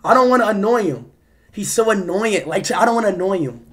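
A man's voice: sits high, animated, fast, a bit bright. A male livestreamer talking casually to his chat, frustrated and swearing a lot. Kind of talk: casual live-stream talk to chat.

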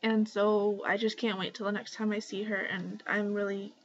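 A young woman at home talking casually to her camera in a rambling shoutout vlog, full of ums and likes. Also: mid-range voice, little pitch movement, normal speed, a little hiss or hum. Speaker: vlogger. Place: home, indoors. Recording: slightly dull lo-fi webcam audio.

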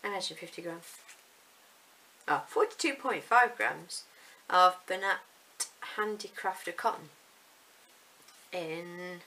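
A woman's voice: fairly low pitch, sharp tone, a little hiss or hum, low-quality recording. A woman, chatting casually and rambling a little as she unboxes yarn. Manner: chatty, rambling, self-deprecating. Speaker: vlogger showing yarn.

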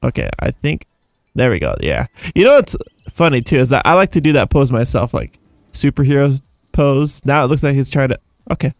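A young man giving casual, rambling gameplay commentary as a YouTuber, excitable and jumping between high and low. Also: a little fast, gravelly, no echo, studio quality. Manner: excitable, rambling, jumpy pitch swings. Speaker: gaming YouTuber.

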